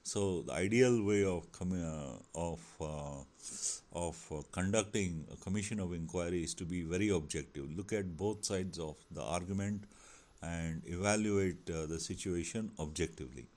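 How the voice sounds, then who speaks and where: Male literature teacher, deep voice, explains a story line by line. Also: moderate pace, a little mellow. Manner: reads quotes aloud, then paraphrases with many fillers and restarts. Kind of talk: explaining a short story to students.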